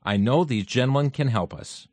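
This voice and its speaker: A male radio host reads news items aloud and comments on them. He stumbles and restarts often, filling gaps with "uh." His voice sits at a middle pitch and sounds close and dry. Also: darkish tone, dry recording. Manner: halting, many fillers and restarts. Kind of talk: radio talk show commentary.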